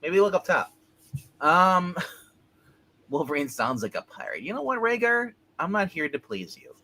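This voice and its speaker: A man co-hosting a casual chat, jokey, with quick asides and frequent laughter. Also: sits high, very animated, pushed and bright. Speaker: co-host.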